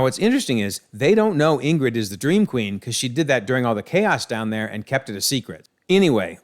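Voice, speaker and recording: Chatty man recapping comics. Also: medium pitch. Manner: chatty and animated, recapping with asides. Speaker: comics commentator. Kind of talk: casual video commentary.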